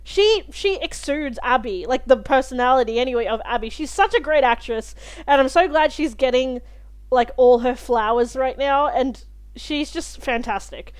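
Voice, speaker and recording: A young woman hosting a reaction video, talking through an episode in a chatty, animated way and swearing freely. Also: high voice, moderate pace, smooth. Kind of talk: casual spoken review of a TV episode.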